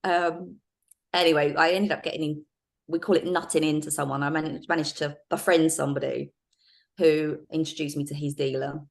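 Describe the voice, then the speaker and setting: A middle-aged woman, speaking in a somewhat low register. She tells her stories in a lively, anecdotal way, laughing often and stopping on fillers. The sound is that of a casual podcast interview. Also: fairly quick, gravelly. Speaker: guest, former undercover police officer.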